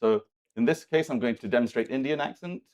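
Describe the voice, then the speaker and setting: A man presenting software to a festival audience, hurried and halting with many restarts. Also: medium pitch. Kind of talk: live product demo talk.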